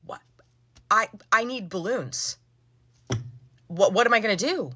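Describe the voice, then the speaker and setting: A huffy, melodramatic shopper, put on by a woman in a comedy skit, outraged and theatrical. Her voice is low and curt. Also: unhurried, bright, forceful tone. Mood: indignant. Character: dramatic indignant female balloon customer.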